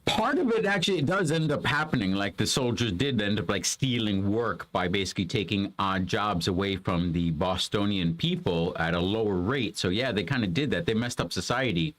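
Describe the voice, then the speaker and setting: A man's voice: lowish voice, moderate pace, hardly any pauses. A man giving a casual, rambling history lesson to a child, with lots of fillers and restarts. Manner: animated, rambling, many fillers. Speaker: homeschool parent teaching history.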